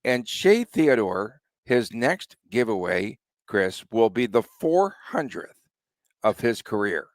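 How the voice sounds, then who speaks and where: A man's voice: fairly low pitch, very animated, slow, dry recording. A man hosting a sports podcast in casual chat, conversational and asking his co-host questions.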